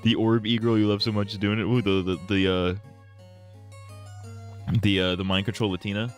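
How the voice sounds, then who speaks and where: A man's voice: on the low side, flat delivery, normal speed, over music. Crude, joking male streamer. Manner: crude, joking, riffing with frequent laughs and swearing. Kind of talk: casual live game stream commentary.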